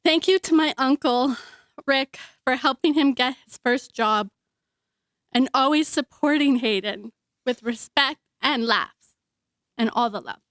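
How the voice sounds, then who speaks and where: Woman, high voice, emotional eulogy, halting, dry close sound. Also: fairly bright tone, no echo. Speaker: eulogy speaker, sister. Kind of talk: memorial speech. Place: memorial hall.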